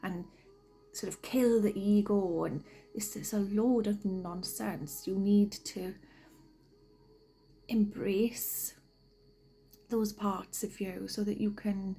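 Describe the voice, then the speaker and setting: A woman giving gentle spiritual guidance, slow and often half-whispered, sniffly from a cold. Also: mid-range voice, fairly even intonation, breathy edge, faint music behind, rough recording. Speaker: spiritual card reader. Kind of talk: soft-spoken spiritual guidance.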